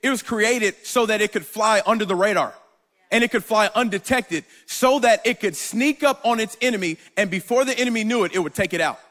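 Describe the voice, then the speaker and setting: A man's voice: high voice, fairly quick, a bit bright. A male pastor giving a live sermon in a church, telling stories with humor and talking straight to the congregation. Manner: playful, storytelling, talks straight to the congregation.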